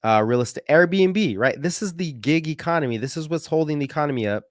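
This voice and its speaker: A man's voice: mid-range voice, fast, hardly any pauses, no room sound, clean studio sound. A man hosting casual market commentary, rambling and correcting himself as he goes through stock charts with slangy asides. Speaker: market analysis host.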